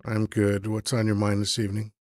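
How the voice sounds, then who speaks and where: A man's voice: lowish voice, completely flat delivery, fairly quick, a little mellow, no echo. A man hosting a live call-in stream, chatting casually and rambling as he thinks aloud with lots of fillers. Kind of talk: casual chat.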